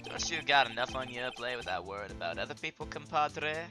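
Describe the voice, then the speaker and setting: A man putting on a laid-back cowboy lawman from a video game, drawling and folksy, with the odd Spanish word thrown in. The voice swoops lively up and down. Game music plays behind it. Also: mid-range voice, brisk, lightly acted. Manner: drawling, sprinkles Spanish words.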